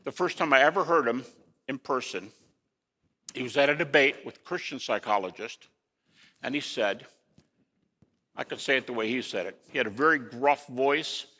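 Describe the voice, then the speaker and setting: A man giving a lecture to an audience in an animated way, with rhetorical questions and folksy asides. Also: medium pitch, moderate pace, pauses often, long reverb tail.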